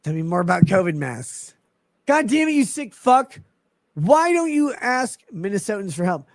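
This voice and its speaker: A man with a high-pitched, gravelly voice talks on his livestream while drunk. He rambles and slurs, then bursts out swearing in exasperation. The sound is close and dry, with no room around it. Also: big pitch swings, normal speed, dry recording. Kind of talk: rambling drunk stream talk.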